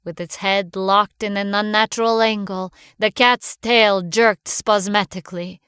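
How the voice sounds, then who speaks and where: A woman reading a first-person horror story aloud in a measured, hushed manner. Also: mid-range voice, steady tone, smooth, dry recording, studio quality. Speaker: narrator. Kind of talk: scripted horror narration.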